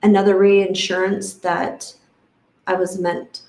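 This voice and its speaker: A woman's voice: mid-range voice, flat delivery, slow, darkish tone, echoey room, rough recording. A woman sharing a personal story in an emotional, rambling way, with many fillers. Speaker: retreat guest sharing her experience.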